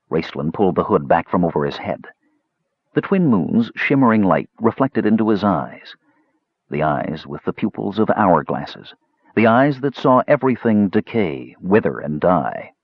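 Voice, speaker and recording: Man narrating with a lively husky voice. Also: low-pitched, normal speed, no echo, dull audio. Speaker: audiobook narrator. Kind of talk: scripted narration.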